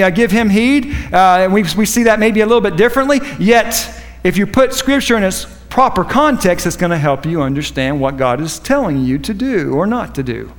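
A man's voice: high voice, long reverb tail. A man preaching a sermon, fervent and repetitive, with rambling asides to the congregation.

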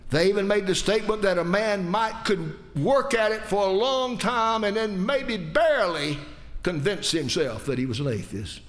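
A pastor from the United States preaching in church, with impassioned appeals that rise loud and high and then drop to hushed, low asides. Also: male voice. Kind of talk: sermon.

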